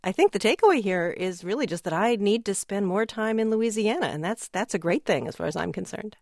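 A woman's voice: medium pitch, expressive, fairly quick, dry recording. Self-deprecating radio host woman, dry studio sound. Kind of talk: conversational radio segment.

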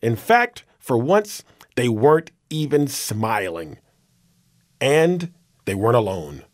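A man reading a children's story aloud in a playful, expressive way. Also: medium pitch, slow, no room sound, clean studio sound. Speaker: story reader.

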